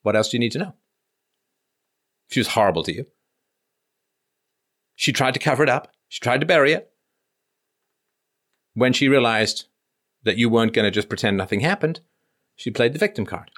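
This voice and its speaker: A man's voice: medium pitch, animated, normal speed, long pauses, a bit bright. A man hosting an advice call-in show, lecturing a caller emphatically and acting out quoted remarks mockingly.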